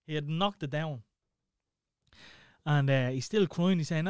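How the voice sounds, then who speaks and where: High-voiced Dublin man telling a story. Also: measured pace, clean tone, no echo, studio quality. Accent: Dublin Irish. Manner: swearing, animated retelling. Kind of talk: casual storytelling chat.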